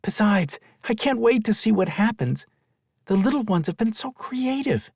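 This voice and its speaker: A man's voice: high-pitched, very animated, normal speed, vocal fry, a little mellow, husky, no echo, clean studio sound, pitched above the performer's own voice, heavily acted. A man doing Arosa, a playful, delighted sister spirit. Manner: coaxing and delighted.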